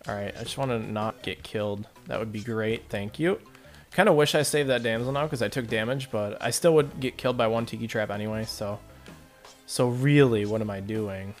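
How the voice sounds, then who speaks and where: A man's voice: on the low side, brisk, soft background music. A man rambling through casual gameplay commentary, talking to his viewers and joking at his own expense. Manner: rambling, self-deprecating, talks to viewers. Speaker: let's play commentator.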